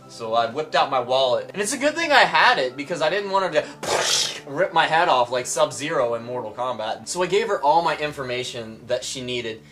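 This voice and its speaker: Bright-voiced young man spinning a rambling comic tale. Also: a little high, sing-song, normal speed, faint music behind. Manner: rambling, exaggerated, many "like"s. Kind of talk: comic storytelling to camera.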